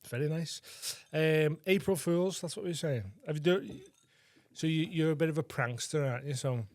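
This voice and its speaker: A man's voice: fairly high pitch, normal speed, a little mellow, no room sound. A man co-hosting a comedy podcast, tipsy from vodka, telling crude rambling stories and laughing a lot. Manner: giggly, crude, rambling storyteller. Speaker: podcast co-host.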